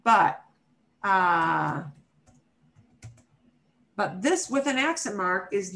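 A woman teaching a Spanish class over a video call, who models pronunciation by repeating words slowly and checks in often with her students. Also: mid-range voice, big pitch swings, gravelly, a bit bright, rough recording. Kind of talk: online class instruction.

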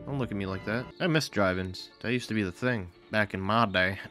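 A young man hosting a gaming channel, casually narrating his play with loud, profane, mocking reactions. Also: lowish voice, fairly quick, soft background music. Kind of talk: casual let's-play commentary.

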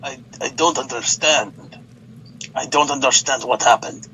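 A man's voice: medium pitch, unhurried, pushed and bright, slight background noise, low-quality recording. A man voicing a heartbroken, self-pitying young man who whines and stammers.

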